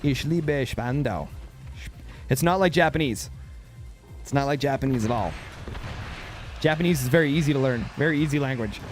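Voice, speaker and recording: A man's voice: mid-range voice, brisk, pauses often, faint music behind. A man hosting a gaming livestream, chatting casually and playfully sounding out words as he commentates.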